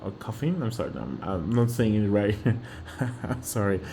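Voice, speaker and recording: A man's voice: on the low side, very animated, normal speed, warm tone, a little hiss or hum. A man with a Mexican accent teaching vocabulary, patiently repeating each word and often checking in with "okay?". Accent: Mexican Spanish. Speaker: Spanish teacher. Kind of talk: slow vocabulary lesson.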